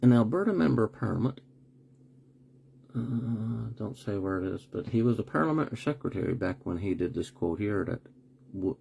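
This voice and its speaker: A low-pitched, mellow voice with vocal fry carries this live-streamed commentary, with slight background noise in the mix. The host is blunt and sarcastic, leans on rhetorical questions, and swears here and there when he's annoyed.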